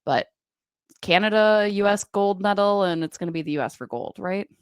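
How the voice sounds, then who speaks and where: A woman co-hosting a podcast, chatting casually about hockey and rattling off stats and player names at a brisk clip. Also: mid-range voice, smooth, dry recording, studio quality. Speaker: podcast co-host.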